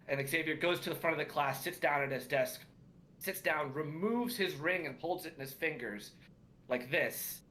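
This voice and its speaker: A man's voice: on the high side, fairly bright tone, slight background noise. A man narrating a tabletop game as game master, hesitant and full of fillers.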